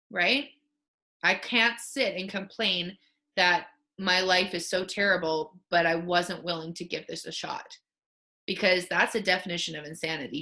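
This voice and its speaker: A woman's voice: lowish voice, pushed and bright. A woman leading a team call, telling candid and emotional stories full of fillers to coach her sales team. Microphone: video call.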